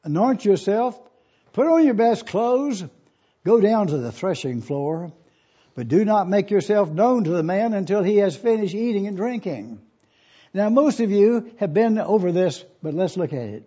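An elderly male pastor preaches with a high, mellow voice. He reads scripture aloud and drives points home with slow, repeated questions, captured on a dull, lo-fi recording. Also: animated, breathy edge. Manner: emphatic, repeats key questions slowly. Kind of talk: sermon.

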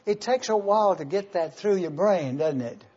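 A man's voice: high-pitched, lively intonation, moderate pace, mellow, husky. An older man preaching a sermon as pastor, emphatic and asking the congregation questions. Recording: dull lo-fi sound.

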